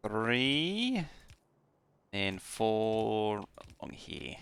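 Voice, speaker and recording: A man's voice: lowish voice, sing-song, drawn-out words, gravelly, a bit bright, clean tone. A man streaming a game, slightly tipsy from beers, mumbling half-sentences and counting aloud to himself as he builds. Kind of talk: casual muttering while playing.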